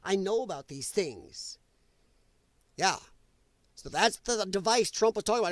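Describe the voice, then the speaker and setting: A man hosts a casual political livestream, chatting to his viewers while he hunts for clips and laughs along. His voice sits high and swings widely. The sound is dry and close, with no room around it. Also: moderate pace, pauses often, no room sound. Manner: animated, laughing, talks to chat while hunting for clips. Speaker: livestream host.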